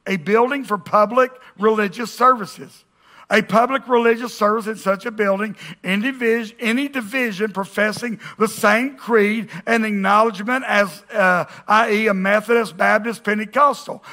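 Pastor, male, high bright voice, chatty sermon delivery with jokes and call-and-response. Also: steady tone, normal speed. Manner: conversational preaching with jokes and audience call-outs. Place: church auditorium with congregation.

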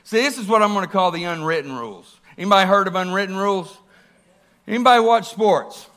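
Speaking a little fast, a preacher with a high, bright, forward-ringing voice gives an animated sermon in church. He keeps questioning the congregation, turning to them again and again.

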